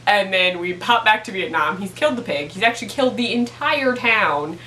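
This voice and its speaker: A woman's voice: mid-range voice, expressive, a little fast, pushed and bright, a little hiss or hum. A young woman casually recapping a TV episode, chatty and giggly, filling her talk with "like". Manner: chatty, giggly, many "like" fillers. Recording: echoey room, mic at a distance.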